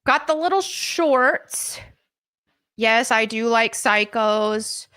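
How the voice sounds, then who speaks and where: High bright-voiced American woman gushing. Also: drawn-out words, smooth. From United States. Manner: excitable and gushing, with gasps and laughs. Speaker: streamer. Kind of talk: live unboxing chat. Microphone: desk mic.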